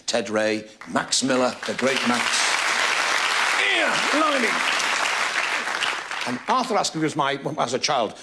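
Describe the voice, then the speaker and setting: A man with a Liverpool accent hosting a comedy show, telling jokes and chatting with guests. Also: medium pitch. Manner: jokey, animated storyteller. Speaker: comedian host. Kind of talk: stand-up comedy and audience chat. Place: TV studio before a live audience. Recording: noisy TV studio with loud audience.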